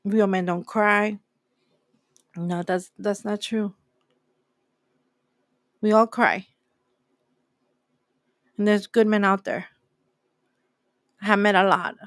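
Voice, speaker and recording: A woman's voice: medium pitch, little pitch movement, unhurried, long pauses, no room sound, clean studio sound. A woman hosting a faith talk, preaching in an emphatic way and repeating her key phrases. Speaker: host.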